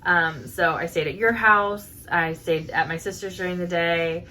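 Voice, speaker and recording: A woman in her thirties co-hosting a podcast, telling a story in a lively chat and acting out the voices of the people in it. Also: fairly low pitch, moderate pace, a little hiss or hum. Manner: animated storyteller, acts out quotes with laughs. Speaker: podcast co-host. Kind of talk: casual chat.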